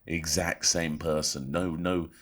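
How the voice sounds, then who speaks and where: A man, a rugby player, chatting casually on a podcast and telling stories in a relaxed, joking way. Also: low-pitched, slow, background noise. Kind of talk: casual chat.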